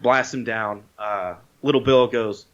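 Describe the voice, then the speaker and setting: A man on a podcast casually retelling a movie scene, animated, swearing freely and acting out the lines. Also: on the low side, a little slow. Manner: animated storyteller, swears freely, acts out quotes. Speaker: podcast co-host. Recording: dull lo-fi podcast audio.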